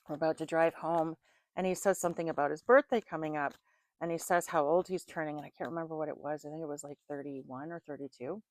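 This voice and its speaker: A middle-aged woman with a lowish voice does a casual tarot reading and drifts into rambling stories. She talks in a chatty, animated way and laughs often. The sound is close and dry, with no room echo. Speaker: tarot reader.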